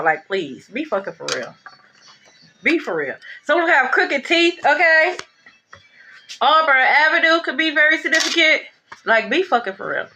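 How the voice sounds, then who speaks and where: A woman's voice: high voice, sing-song, normal speed, sharp tone, a little hiss or hum. A woman giving a blunt, profane, sassy tarot reading in a casual rant. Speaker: tarot reader.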